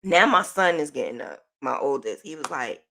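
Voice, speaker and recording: A middle-aged woman hosts her own podcast and tells a long personal story in casual, animated chat. Her voice has a gravelly, fried edge, and she sighs, backtracks and corrects herself as she goes. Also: low voice, moderate pace. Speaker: podcast host.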